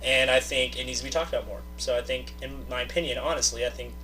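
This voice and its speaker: A man's voice: medium pitch, steady tone, quick pace, pushed and bright, a little hiss or hum. A young man in his twenties hosting a casual movie podcast, rambling and joking, often breaking into laughter. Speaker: podcast host. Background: friends chatting and laughing.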